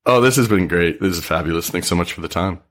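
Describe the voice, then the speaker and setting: A man being interviewed on a podcast, speaking earnestly and at a measured pace. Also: sits low, a bit bright. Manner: earnest, measured, many "you know" fillers. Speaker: podcast guest. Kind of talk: casual interview talk.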